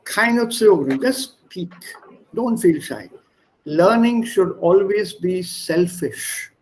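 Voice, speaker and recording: A man's voice: high-pitched, takes it slowly, a little hiss or hum, poor audio. A man teaching an online class over a video call, repeating and spelling words and coaxing his students to speak. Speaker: language teacher.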